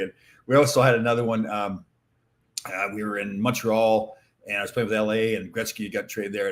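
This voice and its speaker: A man in his sixties, a former hockey player hosting a casual chat, telling rambling stories with many fillers. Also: lowish voice. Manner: rambling anecdotal storytelling with fillers. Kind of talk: casual chat answering viewer comments.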